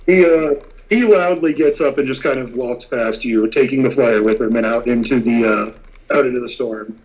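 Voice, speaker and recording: Halting male game master. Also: mid-range voice, poor audio. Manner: halting, many filler words. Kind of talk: narrating a tabletop game.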